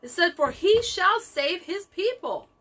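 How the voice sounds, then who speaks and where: A woman's voice: extremely high pitch, very animated, a little slow, fairly bright tone. A woman leading a Bible study, teaching with emphatic repetition of key phrases.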